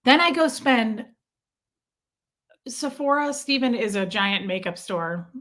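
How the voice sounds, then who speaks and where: A woman's voice: fairly high pitch, expressive, slow pace, a bit bright. A woman hosting a casual livestream, chatting with viewers and venting in a talkative, repetitive way. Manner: chatty, venting, repeats herself. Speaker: livestream host reading chat.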